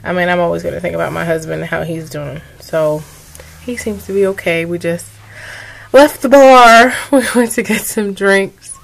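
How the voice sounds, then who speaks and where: Brief: young woman, lowish voice, tired, rambling personal vlog. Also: moderate pace, gravelly. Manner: weary, emotional, rambling. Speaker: vlogger. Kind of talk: personal video diary.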